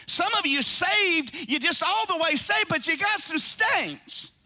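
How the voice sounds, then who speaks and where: A man preaching a sermon, swinging between shouted emphasis and low conversational asides, repeating phrases for emphasis. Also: expressive, a little slow. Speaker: pastor.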